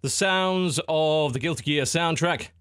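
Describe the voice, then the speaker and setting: A man's voice: on the high side, a little slow, fairly bright tone, smooth, no room sound. A man hosting a podcast in casual chat, articulate with a dry, wry way of putting things. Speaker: podcast host.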